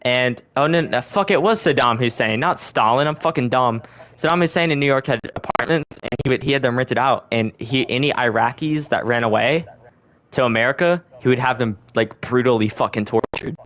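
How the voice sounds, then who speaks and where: A man's voice: medium pitch, a little fast, fairly bright tone. A young man talks loosely through his podcast in an ordinary mid-range voice. He rambles and swears freely. He catches his own slips and corrects them as he goes. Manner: rambling, profane, self-correcting. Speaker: podcast host. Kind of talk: casual conspiracy chat.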